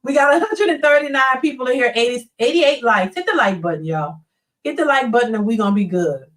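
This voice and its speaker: A woman's voice: high-pitched, distant mic, poor audio. Blunt, chatty woman host, slightly off-mic. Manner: chatty, blunt, animated, puts on quick voices to mimic people. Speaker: live-stream host reading viewer chat. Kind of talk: casual live-stream commentary.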